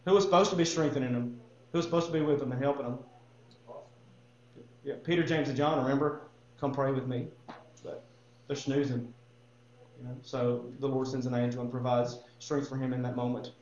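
A man's voice: medium pitch, steady tone, fairly quick, a little mellow, reverberant, muffled recording. A man teaching a Bible class in earnest, posing rhetorical questions and restarting his phrases.

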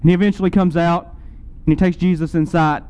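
A man preaching a sermon, retelling a scene dramatically to his listeners and swinging between loud and soft. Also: on the high side, steady tone, quick pace, clear, resonant tone, highs cut off.

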